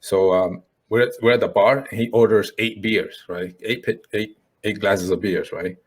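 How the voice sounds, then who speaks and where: A man with a husky voice, co-hosting a casual podcast. He tells an animated bar story and acts out each person's lines. He punctuates it with "boom, boom" and a steady "right?". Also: moderate pace. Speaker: podcast co-host.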